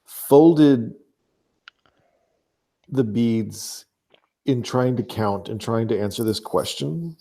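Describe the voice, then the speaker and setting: A man narrating as game master of a tabletop game, measured and dotted with fillers. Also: mid-range voice, vocal fry, mellow.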